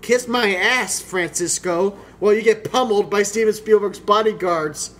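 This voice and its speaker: A man's voice: high-pitched, moderate pace, a bit bright. A young man co-hosting a casual film commentary, telling a rambling, profane story about a film class. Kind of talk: casual riffing over a film.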